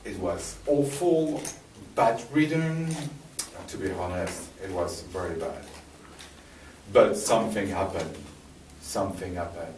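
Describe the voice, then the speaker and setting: A man with a French accent giving a live talk to an audience in a library room, telling stories with halting restarts and fillers. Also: deep voice, a little mellow, slight background noise. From France. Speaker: speaker giving a presentation. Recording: roomy distant live recording.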